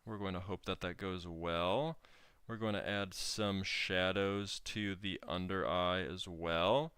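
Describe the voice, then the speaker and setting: A young man talks viewers through a drawing in an unhurried, easygoing way, chatting as he works. His voice sits a little low and comes across smooth and clear. The sound is close and dry, with no room around it. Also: steady tone, a bit bright, no echo. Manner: easygoing, chats with viewers while working. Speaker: streamer teaching drawing. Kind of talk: laid-back livestream drawing commentary.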